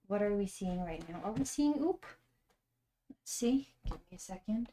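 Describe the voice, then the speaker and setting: A young woman hosting a cozy painting livestream, chatting gently, reading comments aloud and laughing often. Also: medium pitch, lively intonation, moderate pace. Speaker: art stream host. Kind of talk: casual livestream chat while painting.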